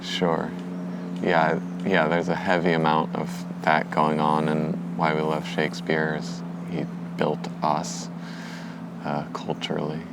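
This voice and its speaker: Very deep, slow-talking laid-back man. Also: monotone, vocal fry, heavy background noise. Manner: laid-back, laughs often, rambling. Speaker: podcast co-host. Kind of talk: casual chat.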